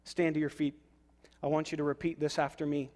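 A man preaches a sermon from the pulpit of a church, driving his point home by repeating short commands to the congregation. His voice sits a little high for a man. The sound carries a long hall reverb. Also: little pitch movement, a little fast, a little mellow. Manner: repetitive, exhortative preaching with call-and-response. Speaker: pastor. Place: church sanctuary.

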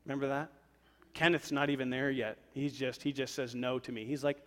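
A man preaching a sermon, swinging between loud emphatic lines and soft, low asides. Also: flat delivery, brisk, long reverb tail. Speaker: pastor.

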